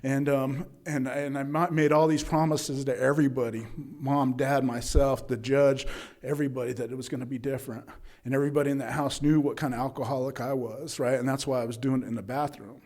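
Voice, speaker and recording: A man's voice: mid-range voice, fairly even intonation, fairly quick, a little mellow. A man speaking at a recovery meeting, telling his own story in a loose conversational way, full of "right?" and fillers and acting out what others said. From Utah, USA. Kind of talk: personal recovery testimony.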